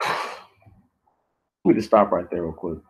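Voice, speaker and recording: A man hosting his channel, reading a history text aloud haltingly with restarts and stopping often to comment bluntly, with plenty of swearing. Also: low voice, low-quality recording. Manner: blunt and profane, stops often to rant. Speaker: channel host.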